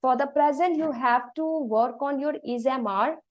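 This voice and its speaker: A woman's voice: sits high, moderate pace, lo-fi sound. A woman with an Indian accent, an English trainer patiently explaining grammar and pronunciation, slipping Hindi phrases into her English.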